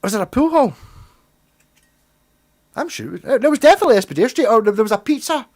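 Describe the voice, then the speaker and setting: A man's voice: very high-pitched, big pitch swings, fast talker, no echo, clean studio sound. A middle-aged man, hosting a livestream and chatting loosely with viewers, rambling and swearing freely. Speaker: livestream host. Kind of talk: casual livestream chat.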